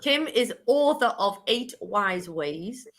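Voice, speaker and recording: A woman's voice: medium pitch, lively intonation, slow. A woman co-hosting a casual chat show, talking in a chatty, rambling way and laughing often. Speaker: co-host.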